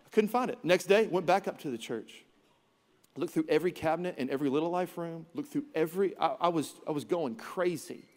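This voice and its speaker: Storytelling pastor in a reverberant hall. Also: male voice, a little high, brisk, a little mellow. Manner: storytelling, self-mocking, acts out quotes. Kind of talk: sermon. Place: church sanctuary. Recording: long hall reverb in church.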